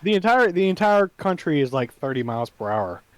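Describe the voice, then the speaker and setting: A man's voice: on the high side, sing-song, fairly quick, dry recording. A young man co-hosting a podcast, sarcastic and skeptical, trading silly puns. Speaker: podcast co-host. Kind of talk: casual chat.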